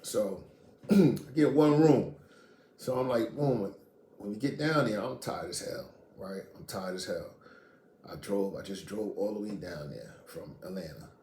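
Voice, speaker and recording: A middle-aged man from Queens, casually telling a story in street slang and profanity, animated and blunt. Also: fairly low pitch, measured pace. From Queens, New York. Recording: echoey room, faint noise.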